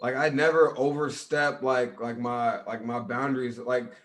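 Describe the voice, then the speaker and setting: A man hosting a casual chat, talking haltingly with many fillers. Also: medium pitch, steady tone, a bit bright. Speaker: podcast host.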